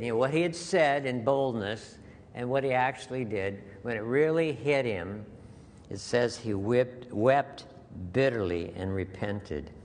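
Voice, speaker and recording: Slow-paced preacher in a reverberant hall. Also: male voice, medium pitch. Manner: earnest, conversational preaching with repeated phrases. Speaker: pastor. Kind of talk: sermon. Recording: long hall reverb with faint noise.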